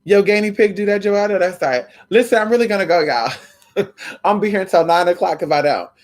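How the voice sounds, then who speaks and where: This livestream host talks quickly in a mid-range voice, chatting casually and profanely with her viewers. She is animated and sassy, calling people honey and girl and slipping into quoted voices.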